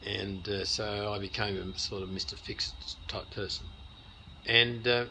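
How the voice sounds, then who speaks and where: An older Australian man in an interview, telling stories in a relaxed, anecdotal way. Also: fairly low pitch, a little slow, creaky, noisy background. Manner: anecdotal, many restarts and chuckles. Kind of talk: casual storytelling.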